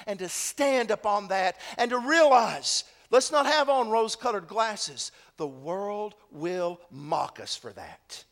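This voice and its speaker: High, bright-voiced preaching man. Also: very animated, slow pace, hardly any pauses. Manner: builds from hushed near-whisper to loud shouted exhortation. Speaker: pastor. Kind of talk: sermon.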